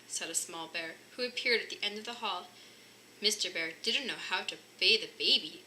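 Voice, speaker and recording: Bright-voiced woman reading a storybook. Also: lowish voice, slight background noise. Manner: lively, lifting voices for the bear cubs' lines. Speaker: storybook reader. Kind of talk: reading a picture book aloud.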